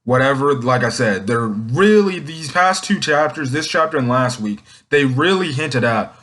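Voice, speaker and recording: A man recapping a comic chapter in a loose, rambling way, filling pauses with "um" and "essentially" as he goes. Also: medium pitch, lively intonation, a bit bright. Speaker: manga chapter reviewer. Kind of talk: casual unscripted recap.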